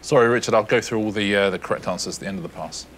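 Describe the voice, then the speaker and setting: A man co-hosting a TV quiz show, explaining answers quickly and teasing his partner, recorded in a studio with background noise. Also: on the low side, fairly bright tone. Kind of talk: TV quiz commentary.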